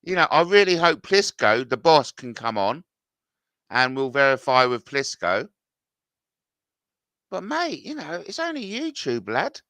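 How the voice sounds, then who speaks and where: A man's voice: a little high, sharp tone, no room sound, clean studio sound. A man rambling casually to camera in a chatty vlog, laughing things off. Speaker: vlogger.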